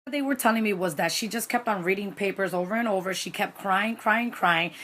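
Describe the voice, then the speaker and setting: Animated woman telling a story. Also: medium pitch, a little fast. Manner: animated, dramatic, mixes in Spanish phrases. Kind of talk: casual storytime vlog.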